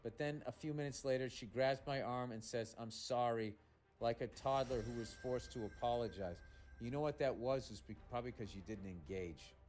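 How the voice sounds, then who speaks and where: A man's voice: medium pitch, fairly quick, a little mellow. A man hosting a comedy podcast, reading a listener's letter aloud and breaking in with sarcastic, profane asides.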